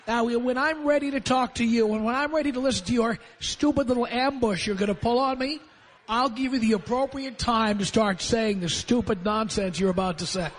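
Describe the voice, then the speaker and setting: A man's voice: very high-pitched, fairly quick. Domineering male radio host. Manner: domineering, sarcastic, bossy. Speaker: radio talk show host. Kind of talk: confrontational call-in radio.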